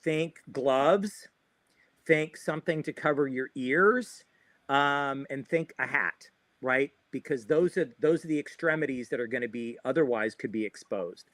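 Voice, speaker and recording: Unhurried and a bit bright, a medium-pitched Florida man offers running advice as a livestream guest, recorded dry. He stays upbeat and chatty, says things more than once, and often ends with "right?"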